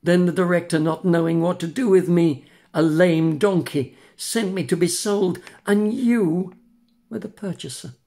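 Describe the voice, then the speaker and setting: Storybook casting: a high, cheeky puppet boy, put on by an older man, gravelly edges, mischievous lilt. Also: unhurried, a little mellow. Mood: storytelling. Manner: mischievous, sing-song. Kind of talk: storybook reading.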